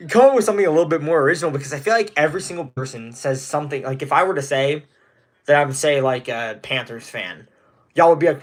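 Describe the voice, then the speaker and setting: A nineteen-year-old from Indiana, USA, talks fast in a voice on the high side. He's livestreaming casually, rambling along and greeting chat viewers by name.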